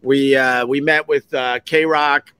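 A radio host, telling rambling stories in a casual, animated way and often breaking off to act out other people's voices. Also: male voice, mid-range voice, slow, clear, resonant tone. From Long Island, New York. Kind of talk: casual storytelling podcast.

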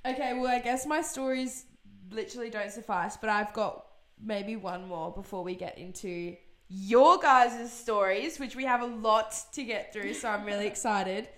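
A woman's voice: mid-range voice, normal speed, a bit bright. A young woman hosting a podcast, telling exasperated stories in casual chat. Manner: chatty, exasperated storyteller. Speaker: podcast host.

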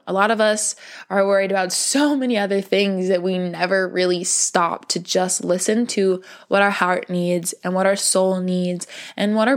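A young adult woman hosting a podcast, talking in a gentle, earnest, casual way, full of "like" and calling her listeners "baby". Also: medium pitch. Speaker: podcast host. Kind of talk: casual heartfelt monologue.

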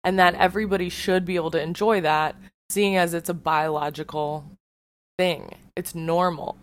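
Frank, heated young woman, low voice. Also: fairly even intonation, moderate pace. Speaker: podcast host. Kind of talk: personal monologue.

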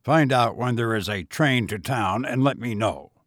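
A man voicing a brusque gentleman giving clipped orders, a little lower than his narration. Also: normal speed, no room sound, clean studio sound, close to an everyday voice. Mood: curt. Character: curt, commanding gentleman.

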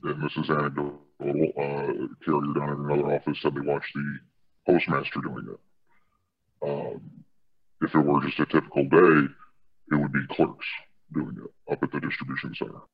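A man working as a postal worker, answering interview questions in a measured, matter-of-fact way. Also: a bass voice, monotone, breathy edge. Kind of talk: undercover-style interview answers. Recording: dull lo-fi video clip.

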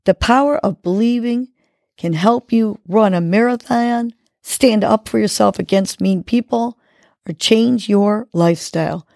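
A woman's voice: medium pitch, a little slow, vocal fry, a little mellow, dry recording, clean studio sound. A woman hosting a podcast, guiding a breathing exercise and giving encouraging, coaching words. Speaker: podcast host. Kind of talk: guided breathing and motivational talk.

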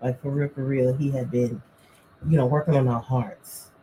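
A woman talking casually with her husband about marriage, relaxed and filling her speech with "you know". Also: a bass voice, moderate pace, slight background noise, poor audio. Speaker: co-host, wife.

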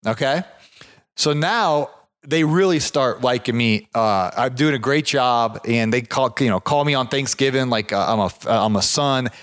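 Man, middle pitch, casual storyteller, rambling, lots of fillers and restarts, lively when quoting others. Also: normal speed. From southeastern United States. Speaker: property management business owner. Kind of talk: casual anecdote telling.

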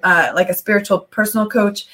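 A woman's voice: mid-range voice, fairly even intonation, fairly quick, fairly bright tone. A woman hosting a podcast interview, talking with enthusiasm and rambling through many restarts. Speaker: podcast host. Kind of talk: casual interview chat.

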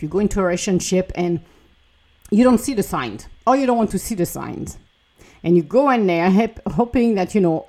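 A woman's voice: mid-range voice, dark tone. A woman giving an earnest motivational monologue, speaking English as a non-native with a plain, encouraging manner. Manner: earnest, encouraging, acts out little quoted dialogues.

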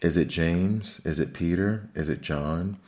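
A man voicing an anxious queen who asks slow, careful questions in a storybook reading. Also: sits low, darkish tone. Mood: questioning. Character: anxious young queen guessing names.

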